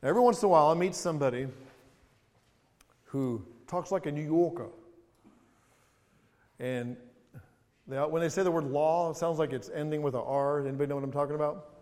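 Pastor, male, sermon in a reverberant church hall, fairly high voice, builds emphasis on scripture, loose and jokey between verses. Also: brisk, pauses often, darkish tone. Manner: preaching with rising emphasis, reading scripture aloud; chatty humorous asides. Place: church sanctuary.

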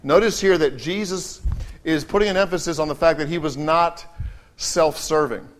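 A male pastor preaching in an earnest, steady way. His voice sits a little higher than most men's. He reads Bible verses aloud and draws out the words he wants to stress. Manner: earnest preaching with Scripture readings, slowing for emphasis. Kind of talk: sermon.

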